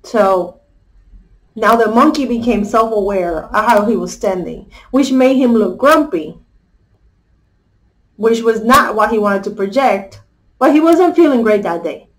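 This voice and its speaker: A woman's voice: fairly high pitch, expressive, a little slow, low-quality recording. A woman life coach retelling a children's story in a casual, conversational way, often checking in with her listeners.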